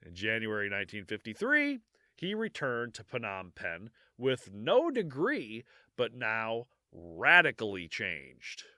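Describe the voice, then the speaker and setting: A man's voice: fairly low pitch, wildly swooping pitch, slow pace, bright, forceful tone, no echo. A man hosting a history podcast, reading from notes and breaking off for jokey asides with frequent laughter, maybe. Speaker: podcast host.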